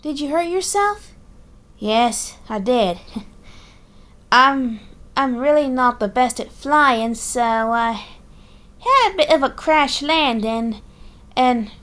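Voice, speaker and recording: A woman's voice: high-pitched, animated, takes it slowly, long pauses, a bit bright, heavily acted. A woman voicing a clumsy young female eaglet with an Australian accent, speaking earnestly and politely.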